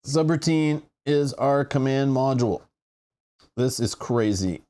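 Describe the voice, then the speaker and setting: A man streaming a live solo board game playthrough, thinking aloud, reading rules and chatting excitably with his viewers. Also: mid-range voice, a little slow.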